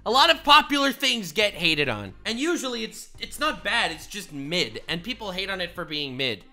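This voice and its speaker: A man's voice: high voice, sing-song, normal speed, sharp tone, soft background music. A man hosting a reaction video, ranting animatedly and laughing easily between remarks. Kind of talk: casual reaction commentary.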